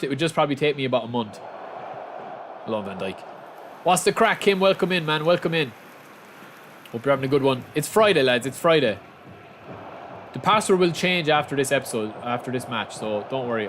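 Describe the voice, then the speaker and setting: A man's voice: mid-range voice, brisk, long pauses. Irish male game streamer, casual and chatty, mid-range voice, slight background hum. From south of Ireland. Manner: chatty, bursts into excited shouts. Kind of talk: casual gameplay commentary.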